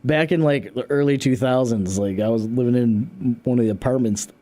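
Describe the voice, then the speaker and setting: A man's voice: mid-range voice, moderate pace, warm tone. A man co-hosting a community radio talk show, telling stories in a casual, rambling way with many restarts and fillers. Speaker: radio co-host. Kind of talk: casual chat.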